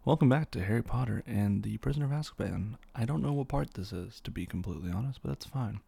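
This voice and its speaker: A man's voice: lowish voice, fast talker, creaky, dark tone, husky. A man hosting a podcast, casually retelling a film from memory in a rambling way, full of fillers and self-corrections. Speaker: podcast host.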